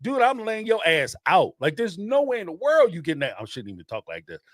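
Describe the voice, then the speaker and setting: Brief: middle-aged male host, high-pitched, dry close mic, emphatic slangy commentary. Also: fairly quick, no echo. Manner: animated and emphatic, street slang, repeats phrases for emphasis. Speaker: host of a live call-in show. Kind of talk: casual spoken commentary.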